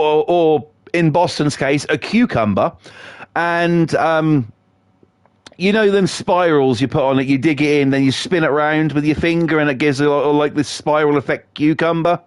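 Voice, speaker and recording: A man's voice: a little high, normal speed, clean tone, no room sound, studio quality. A middle-aged British man ranting sarcastically, telling swear-filled everyday stories while streaming a game. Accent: British English. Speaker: livestreamer. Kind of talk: casual ranting chat.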